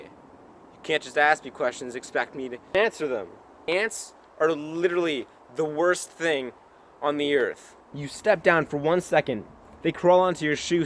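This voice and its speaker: A man's voice: fairly high pitch, fairly bright tone, a little hiss or hum. A young man from the US, a vlogger telling a rambling comic story in a mock-serious tone, recording himself outdoors on a handheld camera. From United States. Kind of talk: comedic storytelling vlog. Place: outdoors on a trail in woods.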